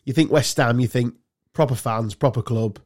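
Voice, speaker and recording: A man's voice: medium pitch, darkish tone. A man, co-hosting a casual podcast chat with banter and blunt asides. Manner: banterish, swearing, quick asides. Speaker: podcast co-host.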